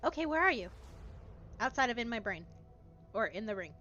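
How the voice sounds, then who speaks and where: A woman's voice: fairly high pitch, big pitch swings, a little fast, pushed and bright, highs cut off, faint music behind. A woman playing in a tabletop game, bubbly and chatty. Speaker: player. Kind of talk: casual tabletop play.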